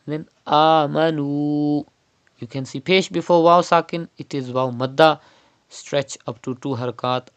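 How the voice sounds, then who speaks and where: A man teaching Quran recitation online, explaining pronunciation rules step by step and repeating words slowly as examples. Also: mid-range voice. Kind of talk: online tajweed lesson.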